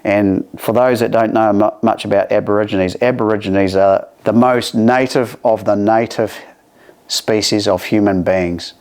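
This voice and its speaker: A man's voice: on the low side, a little slow, clean tone. A man with a New Zealand accent telling a story from his life in a conversational way, acting out the dialogue. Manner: animated, acts out dialogue with raised voices.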